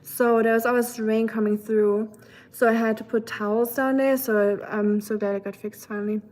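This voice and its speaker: A woman's voice: on the high side, flat delivery, moderate pace, a little mellow. A woman from Germany with a German accent, chatting casually with viewers on a live stream, full of fillers and reading out their comments.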